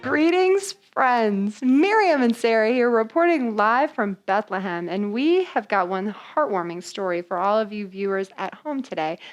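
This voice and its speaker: A woman's voice: fairly high pitch, animated, measured pace, few pauses, faint music behind. A woman playing a cheerful field news reporter in a church skit for children, with a chatty mock-newscast delivery.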